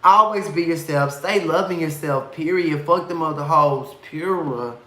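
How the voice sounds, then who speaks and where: A man chats on a live stream with a bright, forceful voice. His delivery is sassy and campy, full of slang and swearing, and he sounds affectionate toward his viewers. The sound is roomy and echoey. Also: on the high side, unhurried. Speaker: host of a live reality TV review stream. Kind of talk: casual live-stream chat.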